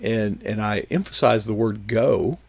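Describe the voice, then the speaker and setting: A man's voice: on the low side, measured pace, gravelly, a little mellow, breathy edge, no echo. A man hosting a talk show, a psychologist who chats in a folksy way with joking asides. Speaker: host, psychologist. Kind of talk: casual chat.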